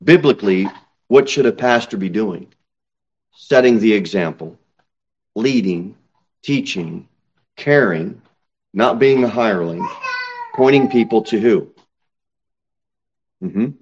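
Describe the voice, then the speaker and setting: A man's voice: lowish voice, animated, a little mellow. Emphatic male preacher, dull lo-fi sound. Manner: preaching with slow emphatic stresses and sudden raised peaks. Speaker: pastor. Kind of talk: sermon. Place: church sanctuary, at the pulpit.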